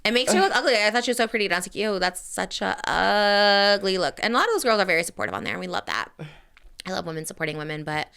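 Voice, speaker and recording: Fast, bright-voiced woman gossiping. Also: mid-range voice, clean tone. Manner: rapid, animated, acts out others in quoted voices. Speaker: podcast host. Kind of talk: casual gossip chat.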